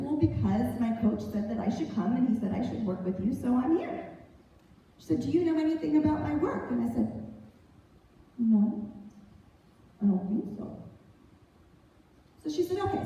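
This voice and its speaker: High-voiced woman telling a story in an echoey hall. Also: moderate pace, long pauses. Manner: animated, acts out quoted voices. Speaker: motivational speaker. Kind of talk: storytelling keynote talk. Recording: echoey hall from far off, faint noise.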